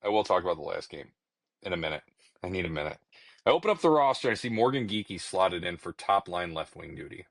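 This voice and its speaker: A young man rants on a casual podcast, swearing often and sounding fed up with his team. His voice sits at an ordinary pitch, and it is recorded close and dry with no room sound. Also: big pitch swings, fast, gravelly, no echo, rough recording. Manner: profane, ranting, exasperated. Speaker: podcast co-host. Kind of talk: casual chat.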